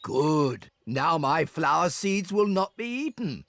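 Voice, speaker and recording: A woman voicing a kindly old male pig grandfather in a children's cartoon, talking in a gentle, encouraging way. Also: deep voice, sing-song, slow pace, very noisy, exaggerated voice. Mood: cheerful.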